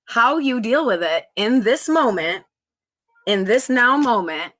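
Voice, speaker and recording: A woman's voice: fairly high pitch, lively intonation, takes it slowly, a bit bright. A middle-aged woman hosting a live stream, chatting upbeat with viewers and reading out their comments. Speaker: livestream host.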